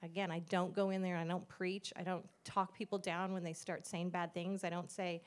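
A woman's voice: fairly low pitch, little pitch movement, normal speed, clear, resonant tone. A middle-aged woman, a pastor's wife, giving an earnest, conversational testimony at church and acting out the dialogue she quotes.

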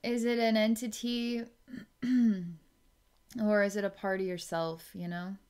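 A woman psychic giving an energy reading, musing aloud in a halting way and restarting her sentences as she goes. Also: medium pitch, level tone, a little mellow, clear, resonant tone. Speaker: psychic reader.

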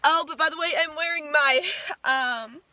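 A young woman rambles in a chatty, self-deprecating casual vlog while running errands in the rain and sitting in her car. Her high voice has a sharp tone and normal speed, with no echo.

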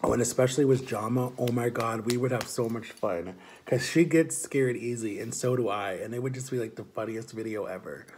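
A man's voice: medium pitch, fairly quick, hardly any pauses, a little mellow, slight background noise. Guy rambling in his vlog, upbeat, lots of "like", medium voice. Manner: chatty, upbeat, many "like"s. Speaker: vlogger. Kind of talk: casual vlog chat.

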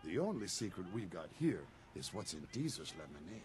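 An actor playing a smooth-talking male town leader in a video game, folksy and welcoming. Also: low voice, big pitch swings, fairly quick, a little mellow.

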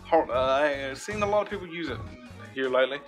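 A man hosts a gaming channel from his room and rambles cheerfully through the day's item shop. His voice is bright and forceful. He piles on praise as he goes, while faint game music plays in the background. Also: medium pitch, animated, brisk. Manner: rambling and upbeat, repeats praise often. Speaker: gaming YouTuber host. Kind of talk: casual video game shop review. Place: home room.

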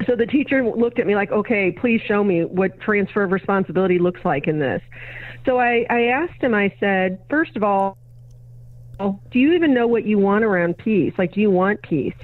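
A woman with an expressive, mid-range voice and a moderate pace guests on a podcast, telling a story by performing both sides of a dialogue in the voices she remembers. She is an educator and consultant; the remote interview comes through as a dry, narrow, phone-like recording.

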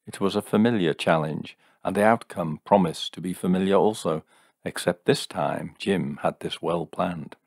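A man narrating a short story in a measured, dry way. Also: low voice, breathy edge, no room sound.

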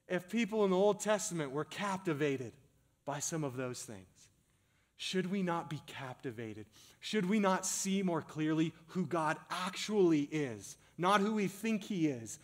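A man preaching a sermon as pastor, building to emphatic repeated calls and easing into a hushed, slower prayer. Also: a little high. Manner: slows and softens into a hushed prayer.

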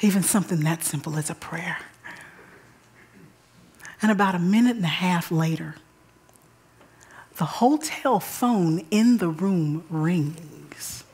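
A woman giving a storytelling sermon at church, who often drops to a hushed whisper for emphasis and repeats words as she gathers her thoughts. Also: lowish voice, slow pace, long pauses. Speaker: church speaker.

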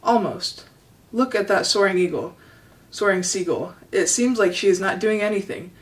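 A measured, formal robot mother from a storybook, read by a woman. She speaks without contractions in a calm, careful way, heard from a little back off the mic. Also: medium pitch, far from the mic, close to an everyday voice, low-quality recording.

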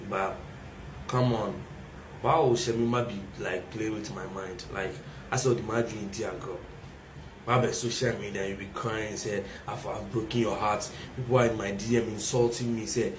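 A man's voice: mid-range voice, moderate pace, roomy sound, slight background noise. A young Ghanaian man with a Ghanaian accent in an emotional casual rant, repeating himself and pleading, mixing in local words. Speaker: reality show contestant reacting on social media.

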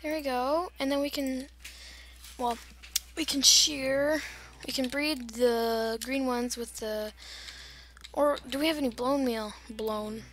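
High, bright, rambling young woman gamer. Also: fairly even intonation, takes it slowly, long pauses. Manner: rambling, giggly, silly tangents. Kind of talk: casual gameplay commentary.

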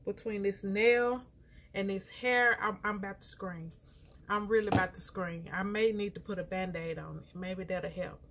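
A woman's voice: medium pitch, fairly even intonation, moderate pace, fairly bright tone, a little hiss or hum. Frustrated woman vlogging her hair routine. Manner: frustrated, complaining, talks to viewers as y'all. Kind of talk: casual chat to camera. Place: home, doing her hair.

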